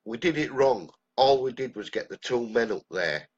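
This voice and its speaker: A man's voice: mid-range voice, expressive, normal speed, breathy edge. An older man with an English accent and a cold, ranting bluntly and angrily on a live stream. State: has a cold. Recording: dull lo-fi live-stream audio.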